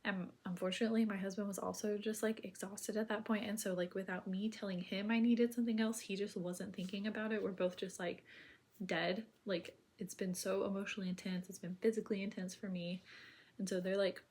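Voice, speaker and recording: A woman telling her own birth story in casual, rambling speech full of filler words, now and then dropping to a soft near-whisper. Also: medium pitch, level tone, brisk, breathy edge.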